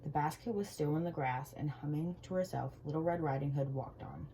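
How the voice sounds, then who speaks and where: A woman reading a children's storybook aloud with gentle, expressive storytelling. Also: low-pitched, a little fast, slight background noise, low-quality recording.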